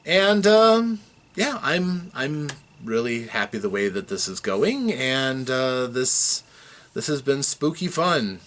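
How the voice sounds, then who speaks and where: A man serving as dungeon master, casually recapping a tabletop game session, telling it with animated chuckles and restarts. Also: medium pitch, takes it slowly.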